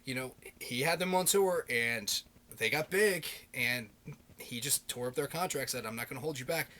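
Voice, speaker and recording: A married man vlogging about his favorite metal albums, swearing constantly in an animated, ranting way. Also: mid-range voice, moderate pace. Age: adult, married. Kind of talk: casual rant.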